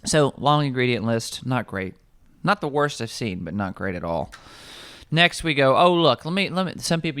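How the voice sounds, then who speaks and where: Wry, animated man reading food labels. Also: mid-range voice, moderate pace, clean tone, no room sound, studio quality. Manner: animated, wry, lists ingredients aloud. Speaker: nutrition coach. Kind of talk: casual kitchen chat, reading labels. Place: office kitchen.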